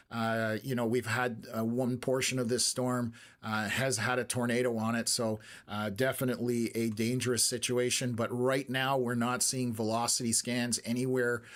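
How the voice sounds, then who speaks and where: A man's voice: medium pitch, fairly bright tone. Man giving live storm warnings. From Canada. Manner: halting, many "uh" fillers, urgent warnings. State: voice going a little hoarse. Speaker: weather stream host. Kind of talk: live storm-tracking commentary.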